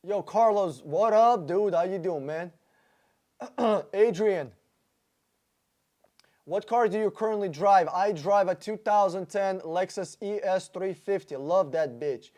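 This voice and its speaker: A man's voice: sits high, takes it slowly, darkish tone. A man hosting a casual live-stream Q&A, blunt, joking and profane, reading out viewers' names and questions. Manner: talks to viewers by name, with frequent fillers and restarts. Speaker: livestream host answering chat questions about cars.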